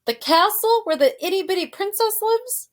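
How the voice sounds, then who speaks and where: A woman voicing a twelve-year-old, half-deaf servant girl who talks loudly in rustic speech in a storybook read-aloud. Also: very high voice, expressive, moderate pace, pitched above the performer's own voice. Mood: loud, eager. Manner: shouting, countrified speech.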